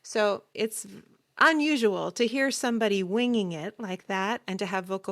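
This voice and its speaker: A woman hosting a podcast voice lesson, explaining calmly and demonstrating sounds. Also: medium pitch, normal speed, no room sound, studio quality. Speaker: voice teacher.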